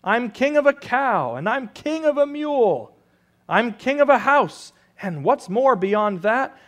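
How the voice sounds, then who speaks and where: Guy doing a bragging turtle king from a storybook, high and grand, big swoops. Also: exaggerated voice. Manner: grandiose, exclaiming. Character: boastful power-hungry turtle king, male.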